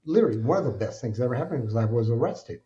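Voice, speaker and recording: A man speaking as a podcast guest, telling his life story in an animated, emphatic way. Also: medium pitch, rapid-fire, highs cut off. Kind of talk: candid storytelling interview.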